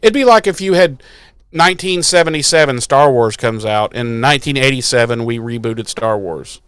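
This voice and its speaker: Smooth-voiced man ranting sarcastically. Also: mid-range voice, normal speed, a bit bright, no room sound, studio quality. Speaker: podcast co-host. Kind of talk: casual podcast chat.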